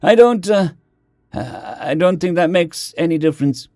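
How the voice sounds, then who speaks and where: A friendly, blunt soldier, played by a man, talks in an easygoing, slangy way. The delivery is animated and moves freely in pitch, and the sound is close and dry for an audiobook story. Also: normal speed, dry recording. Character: laid-back human soldier, friendly and blunt.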